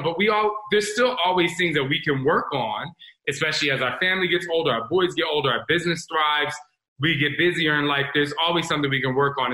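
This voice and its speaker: Forties male host, bright slightly high voice, candid motivational rambler, echoey room. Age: 40s. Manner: rambling, confessional, addresses listeners as y'all. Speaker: self-improvement talk host. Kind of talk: candid motivational talk to an audience. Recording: roomy echo.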